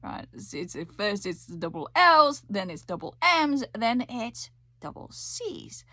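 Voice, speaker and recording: A woman's voice: a little high, very animated, unhurried, pushed and bright, no room sound. A woman teaching a voice lesson, coaching with frequent check-ins and sung demonstrations. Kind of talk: singing lesson explanation.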